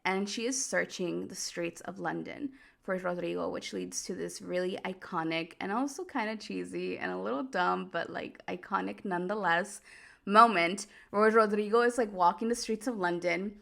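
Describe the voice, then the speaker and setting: A woman hosting a show, recapping a story in a casual, animated way, full of "like" and quick laughs. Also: fairly low pitch, gravelly. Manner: chatty, animated, lots of "like", laughs easily. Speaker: host.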